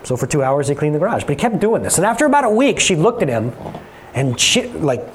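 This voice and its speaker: A man delivering a lively sermon, his slightly high voice rising and falling all over as he talks straight to the room. He keeps it conversational and animated, pulling the congregation along with him. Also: fast talker, slight background noise. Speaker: pastor.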